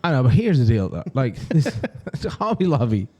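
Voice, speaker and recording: A mellow-voiced podcast co-host with a mid-range voice tells stories at a moderate pace in a casual chat. He's an animated storyteller who laughs often and acts out quotes.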